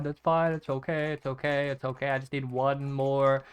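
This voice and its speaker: Man, gaming streamer, casual commentary, mutters and repeats words, swears a lot, smooth clear voice. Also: mid-range voice, little pitch movement, normal speed, hardly any pauses. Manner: mutters repeated item names while clicking, swears often.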